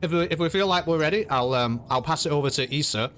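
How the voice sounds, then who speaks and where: A man's voice: fairly high pitch, quick pace, a bit bright, slight background noise. A man running an online tabletop game as game master, explaining rules patiently with frequent ums and restarts.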